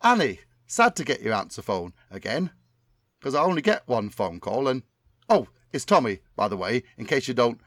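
A man's voice: mid-range voice, big pitch swings, moderate pace, a bit bright. A man doing an impression of a middle-aged northern English entertainer with a Bolton accent, rambling in a chummy, oblivious way.

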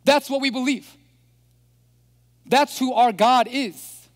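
A man preaching a sermon as pastor, animated and throwing rhetorical questions at the congregation. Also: very high voice, takes it slowly. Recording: long hall reverb.

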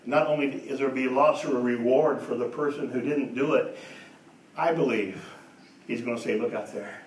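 A man preaching a sermon, telling stories and moving between hushed and emphatic delivery. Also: medium pitch, slight background noise. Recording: echoey room, voice from a distance.

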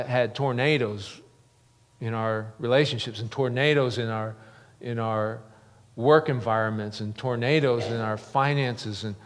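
A middle-aged man preaching a sermon as a pastor, earnest, building emphasis with repeated phrases. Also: medium pitch. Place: church sanctuary. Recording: long reverb of a large church hall.

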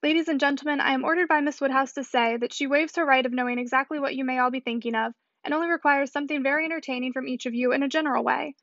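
A gallant young gentleman full of teasing impudence, read by a woman. The voice stays high. The recording is dry and muffled. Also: steady tone, very fast, few pauses, no echo. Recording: dull dry audiobook recording.

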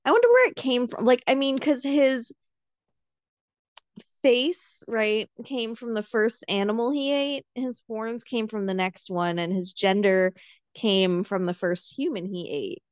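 A woman's voice: on the high side, a little slow, no echo. Woman, curious and giggly book-chat co-host, muffled lo-fi dry sound. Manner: curious, musing, giggly, many "like" fillers. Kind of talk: casual chat. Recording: dull, lo-fi dry recording.

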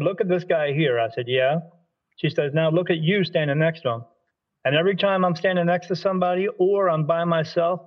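Man, animated storyteller, fairly high voice, dull lo-fi sound. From Delaware, USA. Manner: animated storyteller, acts out quoted dialogue, frequent restarts. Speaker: spirit medium. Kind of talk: storytelling in conversation.

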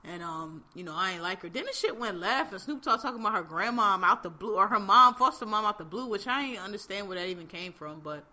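Bright-voiced woman chatting bluntly. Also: mid-range voice, expressive, fast talker, few pauses. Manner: blunt, laughing, heavy slang and fillers. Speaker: podcast host. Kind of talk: casual chat recapping reality TV.

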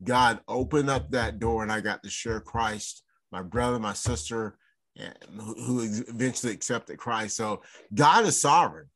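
A man hosting a faith podcast, animated and quick to laugh, breaking into preacherly asides. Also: medium pitch. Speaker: podcast host. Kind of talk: casual interview chat.

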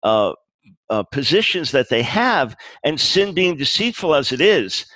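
A man's voice: a little high, very animated, a little slow, bright, forceful tone, dry recording. A man being interviewed about his book, explaining his views earnestly, often restarting phrases and acting out quoted dialogue. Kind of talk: conversational interview.

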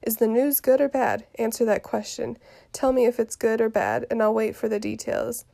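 A lovesick young girl pressing for news, as a woman reads her from a play, spoken quietly with some words slipping into a whisper. The voice sits a little high, with a gravelly fry and a mellow, dark tone. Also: animated, moderate pace. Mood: eager. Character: impatient lovesick teenage girl. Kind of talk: reading a play aloud.

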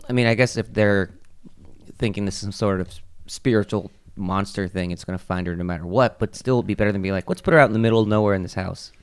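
A man in his thirties chatting about a movie, asking halting questions full of fillers. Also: fairly low pitch, smooth. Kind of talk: casual movie chat.

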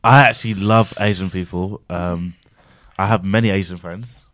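A man's voice: low voice, steady tone, normal speed, a bit bright. A young man hosting a podcast over a video call, playful and goading, laughing often. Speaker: podcast host. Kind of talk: casual banter.

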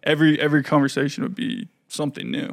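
A man's voice: on the high side, steady tone, quick pace, gravelly. A young man, a podcast guest and independent artist, chatting in a laid-back way and laughing easily. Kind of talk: casual chat.

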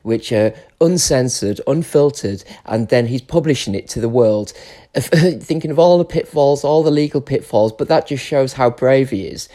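A man's voice: medium pitch, normal speed, dark tone. A British man in his forties, tearful and emotional, ranting in an unscripted solo podcast monologue and swearing often. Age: 40s. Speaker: podcast host.

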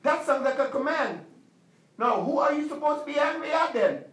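Male pastor, sermon delivery, insistent repeated commands, high voice, roomy distant sound. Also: animated, fairly bright tone. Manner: emphatic preaching with repeated commands, slowing for stress.

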